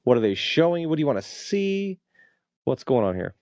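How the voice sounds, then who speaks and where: A man's voice: on the high side, very animated, fairly quick, darkish tone, no room sound. A man in his thirties hosting a podcast, with playful, emcee-like announcing. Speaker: podcast host.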